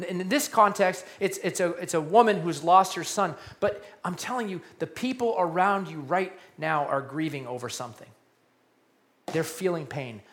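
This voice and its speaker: A man preaching a sermon, animated, repeating key phrases and dropping to a hushed voice for emphasis. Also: a little high. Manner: animated preaching, repeats key lines, drops to quiet soft tones for emphasis. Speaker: pastor.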